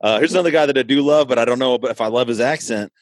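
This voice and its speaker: A man's voice: medium pitch, racing, dry recording, rough recording. A man hosting a podcast in a laid-back, joking way. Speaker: podcast host.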